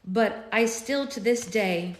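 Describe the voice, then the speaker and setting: A book club host with a mid-range voice reads aloud slowly during a live session, drifting into playful, chatty tangents and casual asides. Her recording has a roomy echo and slight background noise.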